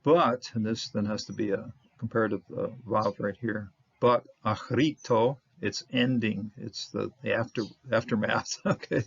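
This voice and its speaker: A man teaching a Bible word study, halting with many fillers as he sounds out Hebrew words. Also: lowish voice, fairly even intonation, gravelly, a bit bright, breathy edge, dull audio.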